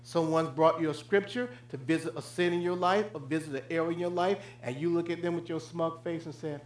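Male pastor, high voice, dynamic sermon delivery from hushed to loud, echoey room. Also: fairly even intonation, fairly quick, hardly any pauses, slight background noise. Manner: swings from loud high preaching to low hushed tones.

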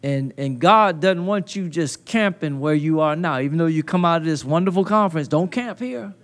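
A man preaching a sermon at a conference into a handheld mic, building to loud emphatic call-and-response peaks with folksy, colloquial phrasing. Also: fairly high pitch, animated, moderate pace. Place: conference hall.

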